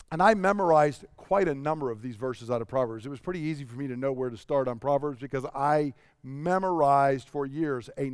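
A male pastor delivering a sermon in a chatty, storytelling manner. His voice sits a bit high for a man. The sound is dry and close, and he often turns to the congregation with rhetorical questions. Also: no room sound.

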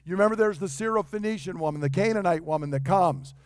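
A man in his fifties preaches a sermon in a high, bright-pitched voice. He is emphatic and conversational, slipping into quoted voices as he goes. The sound is dry and close, with no room around it. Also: fast talker, dry recording. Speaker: pastor.

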